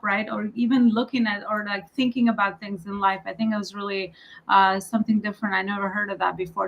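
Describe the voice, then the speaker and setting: A woman's voice: medium pitch, gravelly, poor audio. A woman hosting an online summit with an accent, praising her guest effusively and asking follow-up questions. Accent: non-native English. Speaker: host. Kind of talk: interview hosting.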